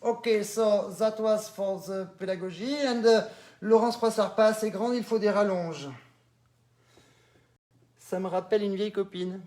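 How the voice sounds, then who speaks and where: A man with a French accent and a fairly high voice teaches accordion on a live stream. He talks in an animated, hands-on way, pointing things out as he demonstrates and slipping French words into his English. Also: moderate pace. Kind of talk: live-stream music lesson.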